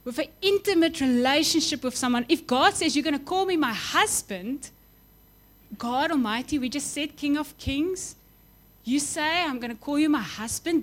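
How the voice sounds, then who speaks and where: A young adult woman preaching a sermon, impassioned, building to emphatic peaks and then dropping to soft, quiet lines. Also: high-pitched.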